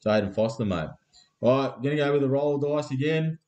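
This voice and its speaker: A man's voice: medium pitch, animated, brisk, darkish tone. An Australian man hosting a live card break, with crude, laddish banter and constant swearing.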